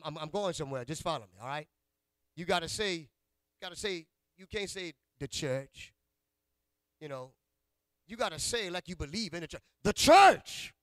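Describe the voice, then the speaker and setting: Preacher, swinging from shouts to hush. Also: male voice, on the high side, dry recording. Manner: rhythmic call-and-response preaching, swings from shouting to hushed; folksy, playful with the congregation. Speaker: pastor. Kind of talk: sermon. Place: church sanctuary.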